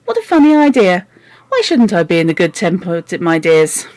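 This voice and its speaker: A woman's voice: sing-song, normal speed, a little mellow, no room sound. A woman voicing a cross middle-aged lady who scolds shrilly and later gushes kindly. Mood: sweetly kind. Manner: shrill scolding, then gushing.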